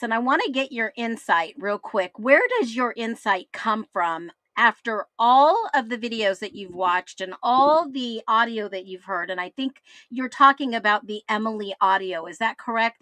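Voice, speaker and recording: A woman's voice: a little high, animated, normal speed, sharp tone, no echo. A woman hosting an interview, direct and eager as she steers the talk. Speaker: host.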